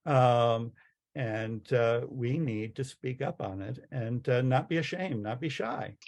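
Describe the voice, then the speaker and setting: A middle-aged man lecturing as a chaplain, earnest and passionate. He stumbles and restarts often, filling pauses with "uh". His voice sits at an ordinary middle pitch. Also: darkish tone. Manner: halting, many fillers and restarts. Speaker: chaplain and teacher.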